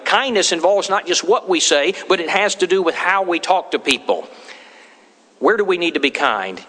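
Folksy preacher in an echoing church. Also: male voice, high-pitched, sharp tone. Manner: folksy storytelling with acted quotes. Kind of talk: sermon. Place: church sanctuary. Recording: long hall reverb.

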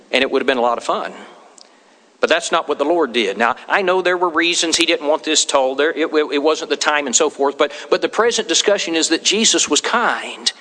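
Folksy preacher in an echoing church. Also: male voice, on the high side, sharp tone. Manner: folksy storytelling with acted quotes. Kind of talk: sermon. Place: church sanctuary. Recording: long hall reverb.

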